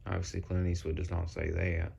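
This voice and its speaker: Low gravelly man playing with accents. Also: monotone, brisk, darkish tone, slight background noise. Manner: rambling, playful, switching between put-on accents. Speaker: vlogger. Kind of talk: casual monologue trying out accents. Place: his bedroom at home. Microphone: phone microphone. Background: house fan running.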